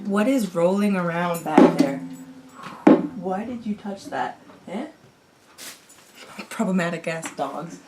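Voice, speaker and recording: Slow-talking woman vlogger muttering to herself. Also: lowish voice, loud music behind the voice. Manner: frantic pleading, muttering asides, half-whispered curses. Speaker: TV reaction vlogger. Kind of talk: casual chat to herself while setting up. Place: home room by her chair, dog nearby.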